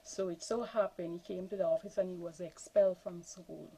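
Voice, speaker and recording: A woman's voice: on the low side, a little fast, creaky, a little hiss or hum, poor audio. A woman, a former school counselor telling a case story on a panel. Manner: animated anecdote telling.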